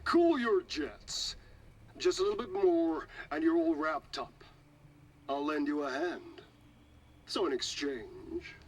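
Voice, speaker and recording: A man's voice: on the high side, lively intonation, slow, slight background noise. An actor playing a mocking, scheming male villain who taunts the hero in a game. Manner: taunting, sing-song, laughing. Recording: game audio heard from afar under faint ambience.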